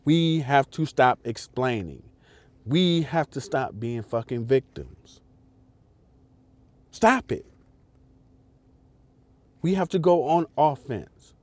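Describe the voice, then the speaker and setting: A man's voice: mid-range voice, lively intonation, a little slow, a little mellow. A man hosting a podcast, delivering an emphatic, repetitive and profane political commentary straight to his listeners. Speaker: podcast host. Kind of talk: impassioned political commentary monologue.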